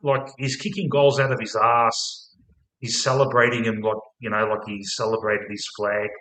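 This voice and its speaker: Aussie bloke ranting about footy, swears a lot, kinda low voice, echoey room. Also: male voice, normal speed. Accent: Australian. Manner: blunt, sweary and excitable. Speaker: podcast host. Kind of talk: casual football chat. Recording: roomy echo.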